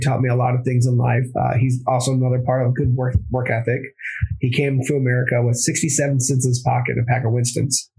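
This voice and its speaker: A husky-voiced man tells his story at a rapid clip, circling back and correcting himself as he goes. He is a plumber and former Marine chatting casually in an interview. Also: mid-range voice, darkish tone, poor audio. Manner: rambling, with restarts and self-corrections.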